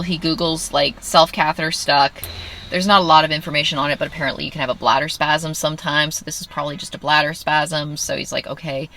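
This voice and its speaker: A woman's voice: sits low, creaky, sharp tone, slight background noise. A woman telling a candid personal story in a wry way, acting out what others said. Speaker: vlogger.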